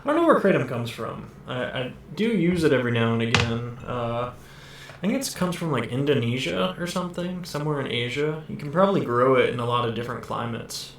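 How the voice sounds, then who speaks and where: A man hosting a podcast from home over a video call, joking deadpan and swearing a lot in casual chat. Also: medium pitch, a little fast, slight background noise. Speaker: podcast host.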